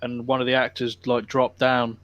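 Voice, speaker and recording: A man's voice: mid-range voice, monotone, normal speed, a bit bright, no room sound, muffled recording. A laid-back man chatting casually as a co-host, swearing freely through his stories. His voice sounds close and dry, with little room sound. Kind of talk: casual chat.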